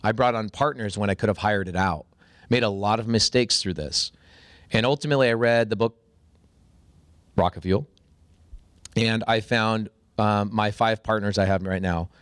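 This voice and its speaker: A man in his forties, a podcast guest, telling a story with animated energy and a voice that jumps up when excited. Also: fairly low pitch, moderate pace, pauses often, no room sound.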